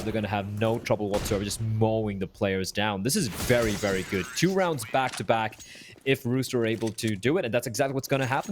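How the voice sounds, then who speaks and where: A man on a headset mic giving fast play-by-play commentary on a shooter match, getting excited during big plays. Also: mid-range voice. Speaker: esports caster. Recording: faint noise and game gunfire behind.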